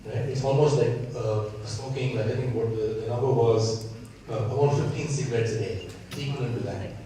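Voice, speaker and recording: A man's voice: mid-range voice, fairly quick, dark tone, slight background noise. A man with an Indian accent moderating a panel discussion, earnest and often checking in with "right?". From San Diego. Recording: echoey room, from far off.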